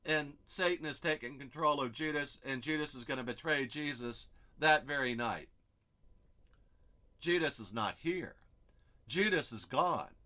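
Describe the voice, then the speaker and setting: A man's voice: a little high, animated, a little slow, sharp tone. A man teaching an expository Bible study, explaining step by step and thinking aloud as he works through the text.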